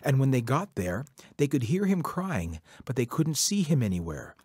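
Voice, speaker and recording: A man telling a traditional folk tale in a rhythmic, repetitive, measured way. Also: medium pitch, very animated, a little mellow, slightly rough, dry recording, clean studio sound. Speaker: storyteller. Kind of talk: oral folk-tale storytelling.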